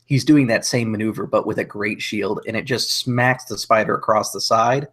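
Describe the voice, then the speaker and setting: A man at a tabletop game describing his character's combat moves. He speaks in a low voice at a measured pace and often pauses on fillers. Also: fairly bright tone, husky. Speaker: player.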